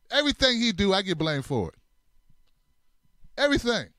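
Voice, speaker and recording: Man, comedy show host, lively swinging pitch, laughs often, swears, dry close sound. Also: normal speed, long pauses, clean tone, no echo. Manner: animated, laughs a lot, swears, acts out voices. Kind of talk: comedic commentary.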